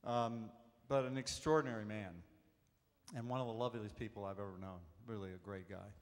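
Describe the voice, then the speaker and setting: A man, an actor, telling animated anecdotes at a convention panel, acting out the voices in his stories. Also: on the low side, fairly quick, a little hiss or hum. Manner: warm, animated storyteller acting out quotes. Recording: echoey convention hall.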